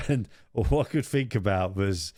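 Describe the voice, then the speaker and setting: A man's voice: on the low side, a little slow, dark tone, no echo, studio quality. A man co-hosting a podcast, chatting casually, laughing often and repeating phrases for comic effect. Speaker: podcast co-host. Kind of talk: casual chat.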